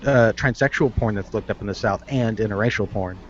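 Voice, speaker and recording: A man chatting casually, halting and restarting often. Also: lowish voice, muffled recording, a little hiss or hum. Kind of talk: casual chat.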